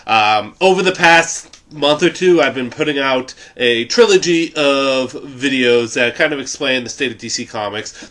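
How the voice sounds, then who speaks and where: A man's voice: mid-range voice, a bit bright. A man vlogging at home, chatting casually to viewers in a rambling, direct way about comics. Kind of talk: casual vlog commentary. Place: home room, indoors.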